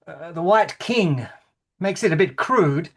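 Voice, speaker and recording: A man's voice: fairly high pitch, animated, unhurried, fairly bright tone, exaggerated voice. A man playing a fragile, fussy older king in a rehearsal over a video call, hesitant and apologetic with little stammers. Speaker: actor in rehearsal.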